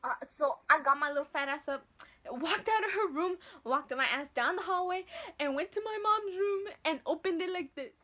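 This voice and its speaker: Brief: young female vlogger, high-pitched, swearing, chatty and animated. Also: moderate pace. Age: late teens to early 20s. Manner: profane, slangy, animated retelling. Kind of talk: casual storytelling to camera.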